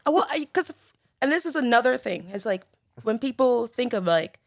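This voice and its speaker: A woman's voice: on the high side, very animated, brisk, vocal fry, no echo, studio quality. A young woman from the Bahamas with a light Bahamian accent, chatting as a podcast guest and filling her talk with "like" and "you know". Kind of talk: casual conversation.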